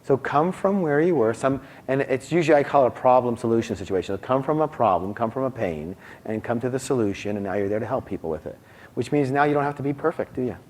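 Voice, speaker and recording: A middle-aged man teaching a live seminar, animated and constantly quizzing his audience. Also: mid-range voice, quick pace. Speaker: seminar speaker.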